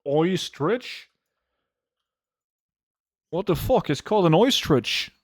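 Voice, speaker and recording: A man's voice: on the high side, animated, slow, no echo. Joking, swearing gamer man with a dry voice. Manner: joking, swears freely, hums to himself. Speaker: gold-farming game streamer. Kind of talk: casual live-stream chat with viewers. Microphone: desk microphone.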